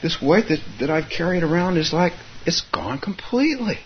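A woman's voice: fairly low pitch, animated, normal speed, pitched above the performer's own voice, lightly acted. Brief: overjoyed woman freed after awakening, as a male teacher quotes her, breathless and laughing, lo-fi. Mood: elated. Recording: dull lo-fi recording, faint hiss.

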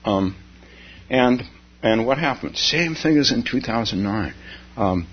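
A man giving an informal dharma talk as a meditation teacher, speaking haltingly, with restarts and chuckles. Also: mid-range voice, expressive, slightly rough. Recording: dull lo-fi with faint hum.

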